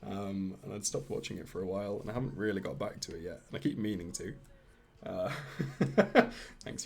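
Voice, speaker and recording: A British animator streaming live chats casually with his viewers while he works, his voice lowish and creaky. He rambles and chuckles between thoughts.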